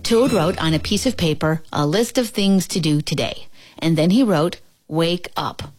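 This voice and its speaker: A woman narrating a children's storybook aloud, slow and expressive, with gentle pauses. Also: lowish voice, faint music behind.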